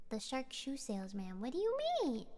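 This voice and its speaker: A woman's voice: fairly high pitch, darkish tone. A young woman streaming karaoke, singing songs and rambling and giggling between them. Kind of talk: karaoke stream with chatty asides. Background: backing music.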